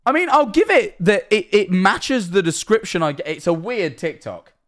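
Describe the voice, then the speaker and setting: A man's voice: high-pitched, expressive, moderate pace, fairly bright tone, soft background music. A young man casually reacting to videos on stream, rambling, swearing freely and laughing often.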